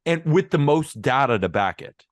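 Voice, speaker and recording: A man co-hosting a casual sports podcast, chatty and quick to laugh, on a close mic. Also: mid-range voice, dry recording. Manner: animated, laughs often, chatty. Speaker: podcast co-host.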